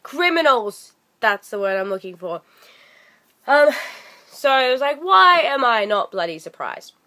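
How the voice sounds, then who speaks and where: A young woman vlogging a ranting story, exasperated and animated, acting out what others said. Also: high voice, measured pace. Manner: animated, exasperated, acts out quoted voices.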